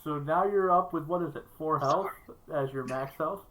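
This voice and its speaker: A woman with a deep, low voice runs a tabletop game as game master. She narrates the action loosely, with plenty of fillers, and often breaks into laughter. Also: moderate pace, fairly bright tone, a little hiss or hum, low-quality recording.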